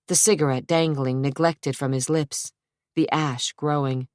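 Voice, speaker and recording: A woman narrating an audiobook in a measured, unhurried way, close to the mic. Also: a bass voice, fairly even intonation, no echo. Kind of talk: scripted narration.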